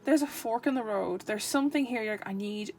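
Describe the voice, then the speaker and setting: A woman's voice: a little high, fast talker, vocal fry, darkish tone, faint music behind. A woman giving a casual, chatty tarot reading to camera, playful and rambling, often correcting herself mid-sentence. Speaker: tarot reader.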